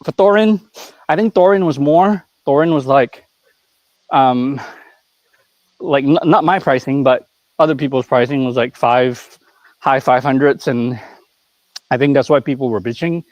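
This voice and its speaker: A man's voice: mid-range voice, unhurried, long pauses, dry recording. A man who runs a figure store, talking in a blunt, profane, ranting way in a casual live-stream chat.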